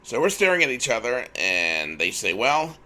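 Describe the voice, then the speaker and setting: Guy on a podcast telling a story from an old job, acts out the dialogue, bright and bouncy. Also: fairly low pitch, normal speed. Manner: animated storyteller, acts out quoted voices. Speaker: podcast host. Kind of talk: storytelling anecdote.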